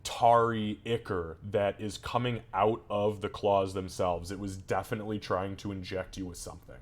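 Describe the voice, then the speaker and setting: Guy dm narrating a fight, lowish voice, chill and sweary. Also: level tone, moderate pace. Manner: casual, swears freely, loose descriptive narration. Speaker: game master. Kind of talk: narrating a tabletop game.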